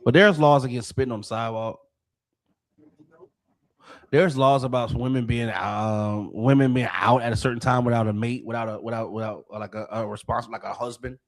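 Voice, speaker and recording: A man hosting a podcast, ranting in a heated, profane way and often restarting his sentences. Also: fairly high pitch. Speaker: podcast host. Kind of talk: casual podcast rant.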